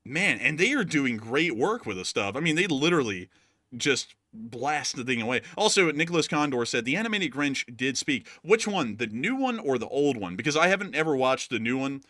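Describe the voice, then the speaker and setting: A man's voice: medium pitch, sing-song, a little fast, pushed and bright, no room sound, clean studio sound. A man hosting a casual war news show, rambling and joking with many fillers. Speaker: host.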